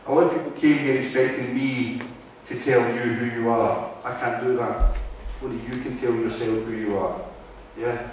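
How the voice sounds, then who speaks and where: A man's voice: mid-range voice, slight background noise. A man with a Wigan accent gives a conversational talk to a live audience in a meeting hall, often checking in with the room. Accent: Wigan, Lancashire. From North West England. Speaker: guest speaker. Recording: very echoey hall from far off.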